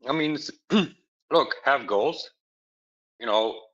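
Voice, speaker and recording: A man's voice: mid-range voice, lively intonation, slow pace. A man in casual chat giving blunt, straight-talking advice and teasing his partner. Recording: dull lo-fi sound.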